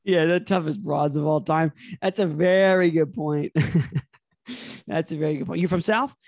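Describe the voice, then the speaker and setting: A man with a high voice riffs through a casual comedy chat, laughing often and breaking into silly voices. The sound is close and dry, with no room around him. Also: unhurried, vocal fry, a little mellow, no echo. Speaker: podcast co-host.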